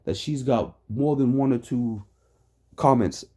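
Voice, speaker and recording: A man's voice: mid-range voice, measured pace, mellow. A man giving heated, profane reaction commentary on a debate clip, ranting and laughing often.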